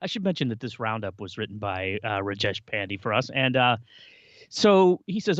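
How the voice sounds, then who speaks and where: A man's voice: fairly low pitch, very animated, moderate pace, dry recording, dull audio. Laid-back man reading tech rumors. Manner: easygoing, reads out rumor roundups with many fillers. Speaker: podcast co-host. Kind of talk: casual chat.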